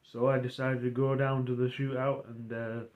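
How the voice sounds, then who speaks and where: A man's voice: mid-range voice, flat delivery, dull audio. Rambling man telling a story. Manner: rambling, halting, many fillers and restarts. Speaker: streamer. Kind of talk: casual storytelling of a roleplay.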